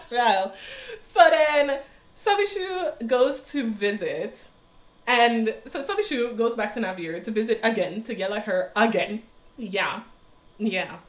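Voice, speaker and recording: A young woman casually recapping a series, sassy and animated, with slang and quick asides. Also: fairly high pitch, echoey room. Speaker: recap vlogger.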